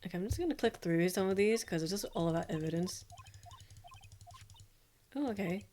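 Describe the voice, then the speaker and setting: A young woman streamer giving casual, low-key commentary while playing a game. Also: lively intonation, brisk, a little hiss or hum. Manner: soft, low-key muttering.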